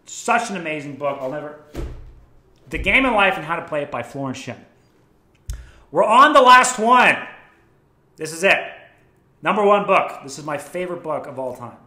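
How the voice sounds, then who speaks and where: A man's voice: a little high, bright, forceful tone. A young man casually recommending books, enthusiastic and swearing freely. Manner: profane, enthusiastic storytelling. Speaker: vlogger. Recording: echoey room.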